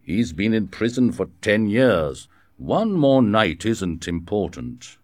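A man's voice: on the low side, sing-song, slow pace, no room sound, studio quality. A man reading a storybook voices a blunt prison governor, speaking in a brusque, commanding way. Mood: dismissive.

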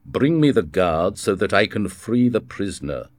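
A man's voice: on the low side, sing-song, moderate pace, dry recording, clean studio sound. A man reading a storybook voices a blunt prison governor, speaking in a brusque, commanding way.

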